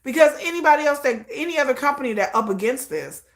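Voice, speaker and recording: A woman's voice: high-pitched, animated, fast. A woman hosting a livestream in casual commentary style, talking bluntly and emphatically with slang and swearing. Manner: blunt, emphatic and opinionated, with frequent laughs; slangy and profane. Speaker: livestream host.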